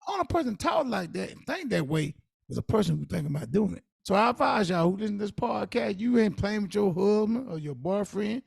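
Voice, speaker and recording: This middle-aged man co-hosts a podcast, his voice high, creaky and husky, moving at a fairly quick clip. He offers casual advice through emphatic, lively personal stories told in dialect. It's a dry, studio-quality recording.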